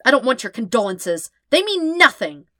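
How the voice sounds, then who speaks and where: A woman's voice: medium pitch, expressive, measured pace, no echo, studio quality, pitched above the performer's own voice. A woman reading aloud and voicing a fierce, grieving teenage girl who talks sharply and snaps. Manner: sharp, snappish, demanding.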